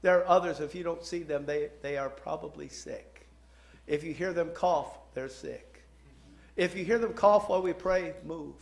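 Gravelly high-voiced joking pastor. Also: male voice, moderate pace. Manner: joking and chatty, then earnest in prayer. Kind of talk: sermon announcements and prayer. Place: church sanctuary.

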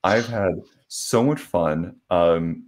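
Deep-voiced male podcast host. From South Carolina, US. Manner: unhurried storyteller, frequent filler pauses. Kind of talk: casual conversation.

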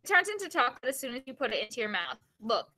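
A woman's voice: on the high side, sing-song, very fast, sharp tone, heavily acted. A woman voicing a pleased, reasonable young schoolboy in a storybook read-aloud. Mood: contented. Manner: contented, reasonable.

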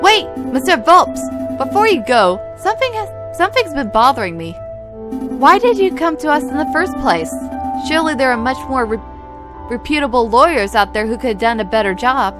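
A woman's voice: high-pitched, big pitch swings, normal speed, music in the background. A woman reading aloud a chatty, cheeky young male sparrow assistant in a game. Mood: curious.

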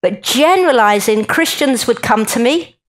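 A woman's voice: a little high, animated, normal speed, low-quality recording. A woman giving a chatty, joking talk to a live conference audience and speaking straight to the crowd.

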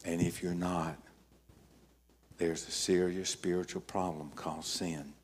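An older man preaching a sermon as pastor, emphatic, telling stories with dramatic pauses. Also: low-pitched, level tone, a little hiss or hum.

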